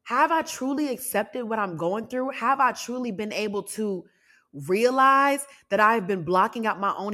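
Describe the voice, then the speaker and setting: Lively woman telling a story on her podcast. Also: on the high side. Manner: lively, animated retelling with laughs and asides to listeners. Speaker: podcast host. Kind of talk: casual solo podcast storytelling.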